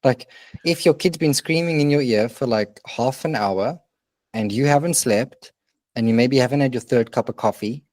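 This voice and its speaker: In a relaxed podcast chat, this co-host coaches earnestly and emphatically, cursing now and then. He speaks at a moderate pace in a medium-pitched, slightly mellow voice, with no room sound.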